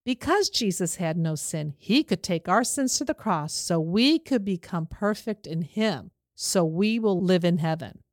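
A woman giving an earnest, steady religious lesson to parents, speaking in a plain instructive way. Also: lowish voice, unhurried, hardly any pauses, dry recording, studio quality. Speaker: Christian teacher for parents.

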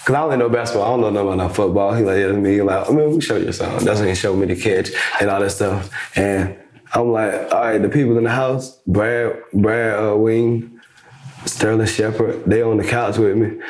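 Animated young man telling a story in an echoey room. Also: on the low side, fairly quick. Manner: animated storyteller acting out quoted exchanges. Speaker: podcast guest, basketball influencer. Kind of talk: casual storytelling interview.

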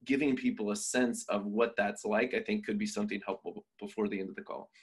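Husky-voiced man musing on a podcast. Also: lowish voice, fairly even intonation, a little fast. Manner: reflective, thinks aloud with restarts. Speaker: podcast co-host, trainer. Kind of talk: conversational podcast talk.

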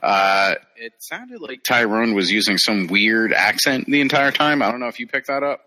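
A man co-hosting a casual pop-culture chat, opinionated and quick to laugh. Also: medium pitch, expressive, bright, forceful tone. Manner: opinionated, laughs often, dismissive asides. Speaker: podcast co-host.

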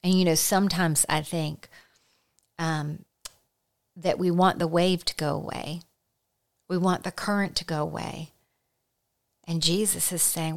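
A middle-aged woman giving an earnest, conversational Christian teaching, slowing down to stress key points. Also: fairly low pitch, steady tone, gravelly. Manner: earnest, slows down for emphasis. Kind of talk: conversational sermon.

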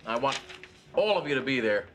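An actor playing a smug, sneering middle-aged boss who taunts an employee in a sitcom. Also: male voice, medium pitch, very animated, fairly quick, fairly bright tone. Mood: mocking. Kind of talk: sitcom acting. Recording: sitcom audio with background noise.

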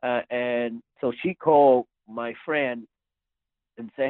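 A man's voice: medium pitch, steady tone, takes it slowly, no echo. A man as a podcast guest, telling a story casually, rambling and repeating his words. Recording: dry tinny phone-like line.

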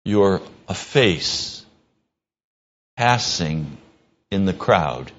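A man's lively voice comes through a recording with the highs cut off as he preaches a radio sermon. Speaking as a pastor, he is earnest, slow and emphatic, and his pitch rises when he drives a point home.

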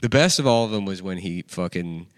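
A man's voice: sits low, animated, brisk, dry recording, clean studio sound. Rambling, swearing guy telling a story. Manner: profane, rambling storytelling with many fillers. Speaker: comedy podcast host. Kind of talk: casual chat.

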